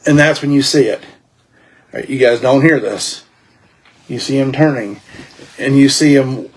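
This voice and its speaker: A man's voice: medium pitch, darkish tone, breathy edge. A man as dungeon master, narrating a streamed tabletop game in vivid, gory detail.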